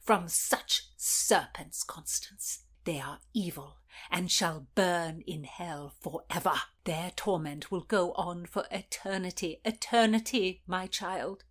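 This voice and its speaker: A woman voicing a devout, preachy Tudor aunt in a slow, breathy hush. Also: on the low side. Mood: stern hushed. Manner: slow, hushed, breathy pleading. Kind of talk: audiobook character reading.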